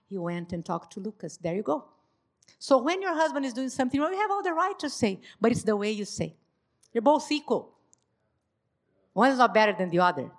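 A woman whose first language is Portuguese, giving a church talk on marriage and acting out dialogue with lively emphasis. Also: on the high side, normal speed. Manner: animated, acts out quoted dialogue. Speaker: marriage ministry speaker.

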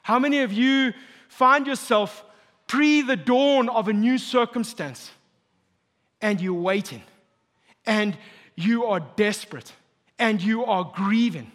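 A married man preaching a sermon as pastor, emphatic and building to near shouts. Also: high voice, slow pace, long pauses. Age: adult, married. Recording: long hall reverb.

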